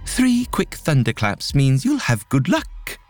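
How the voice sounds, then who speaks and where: A man's voice: medium pitch, huge pitch swings, slow, darkish tone, soft background music, voice pushed up. A male narrator voicing a breezy, stubborn old woman who refuses to leave her home.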